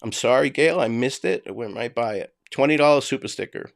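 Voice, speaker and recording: A man's voice: mid-range voice, brisk, creaky. A man with a Boston accent, hosting a casual livestream and ranting bluntly, with profanity, to his viewers. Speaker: livestream host. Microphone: home desk mic, voice only.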